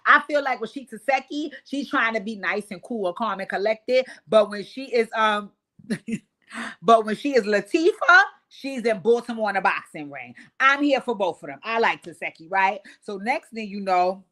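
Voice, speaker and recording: A woman doing casual, animated reality-show commentary, swearing freely. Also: mid-range voice, moderate pace. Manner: animated, profane, laughing asides. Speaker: show recap vlogger.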